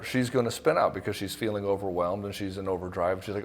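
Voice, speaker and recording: A man's voice: fairly low pitch, fast. A middle-aged man coaching married men straight to camera, blunt and casual, swearing freely and acting out the voices of the people he quotes. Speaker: relationship coach. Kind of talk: direct-to-camera coaching talk.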